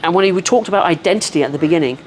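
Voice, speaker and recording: A woman, telling a self-deprecating story in a measured, wry way on a live podcast. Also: on the low side, darkish tone, a little hiss or hum. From England. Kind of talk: casual storytelling.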